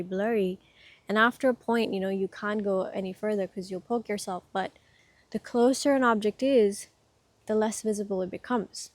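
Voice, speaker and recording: Soft reflective woman speaking outdoors. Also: medium pitch, no room sound. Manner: soft-spoken, reflective, halting; gets emotional. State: itchy from hay fever. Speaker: spiritual speaker. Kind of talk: casual spiritual talk.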